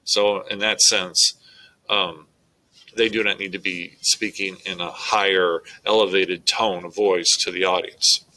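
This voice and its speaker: A man, teaching a recorded lesson on poetic meter in a slow, deliberate way with frequent fillers. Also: deep voice, little pitch movement, pushed and bright, low-quality recording.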